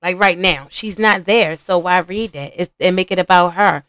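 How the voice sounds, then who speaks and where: Her voice fairly low and smooth, a young adult woman talks at a normal speed in a dry recording. As a podcast host reacting to a reality show, she gives animated, profane commentary straight to her viewers, calling them "y'all."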